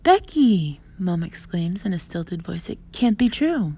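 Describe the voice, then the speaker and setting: A woman's voice: fairly low pitch, normal speed, dark tone, slightly rough, highs cut off. A woman reading an audiobook, voicing a fussing middle-aged mother with a stilted, theatrical delivery.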